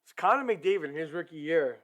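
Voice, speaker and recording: Hosting a live hockey talk stream, a man chats upbeat and directly to his viewers in casual live-stream style. His quick, fairly bright voice sits a bit higher than most men's and comes through a streaming microphone.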